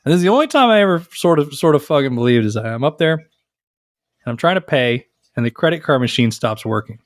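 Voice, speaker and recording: A man co-hosting a casual podcast, telling stories with plenty of swearing, and his pitch leaps up and down as he acts out what others said. The sound is dry and close, with no room behind it. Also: quick pace, no echo. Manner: profane, animated, acts out others' lines. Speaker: podcast co-host. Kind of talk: casual banter, storytelling.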